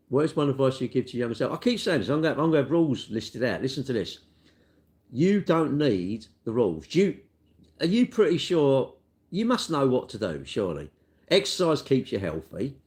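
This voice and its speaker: A man's voice: mid-range voice, sing-song, normal speed, darkish tone. A middle-aged man, a car dealer chatting casually on a live stream and answering viewer comments in a rambling way. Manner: chatty, rambling, tag questions like "innit".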